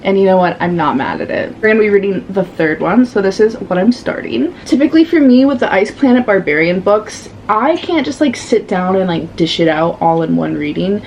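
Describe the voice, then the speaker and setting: A woman gives lively, sassy commentary on her reading in a casual vlog. Her voice sits at an ordinary middle pitch. A faint hum of noise lies underneath. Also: fairly quick, vocal fry, hardly any pauses. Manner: animated, sassy commentary with frequent laughs. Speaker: book vlogger.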